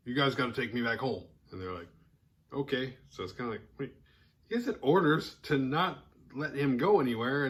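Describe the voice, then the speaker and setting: A man's voice: medium pitch, fairly bright tone. A man hosting a horror film show, recapping a movie in a casual, rambling way, full of fillers and acted-out quotes. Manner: rambling and filler-heavy, acting out characters' lines. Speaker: horror film podcast host.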